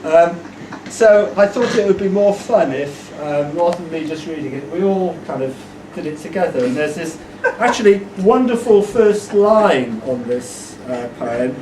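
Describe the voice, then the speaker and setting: A man reading poems at a book launch, playful and joking, leading the audience in a shouted refrain. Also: on the high side, expressive, a little slow, few pauses. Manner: playful, joking, mock-esoteric; shouting the refrain with rising energy. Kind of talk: live poetry reading with audience call-and-response. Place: indoor event room with an audience. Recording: echoey room, far mic, loud crowd noise.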